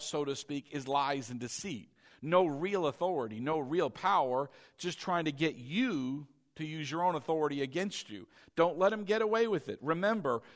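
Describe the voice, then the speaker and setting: A middle-aged male pastor preaching a sermon, loud and passionate, often calling out to the congregation for responses. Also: on the high side.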